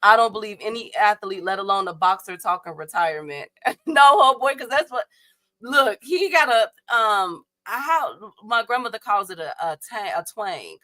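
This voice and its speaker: A woman from Chicago hosts a casual boxing livestream, talking with the chat. Her voice is bright and sharp, recorded dry and close. She is chatty, laughs often and leans on fillers. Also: medium pitch, lively intonation, normal speed, dry recording.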